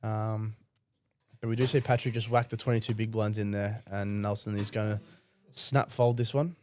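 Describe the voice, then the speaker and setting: A man's voice: on the low side, fairly even intonation, normal speed, a little mellow, slight background noise. A man giving casual, analytical commentary on poker hands from a commentary booth. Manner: analytical, casual, explains plays. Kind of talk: live poker strategy commentary.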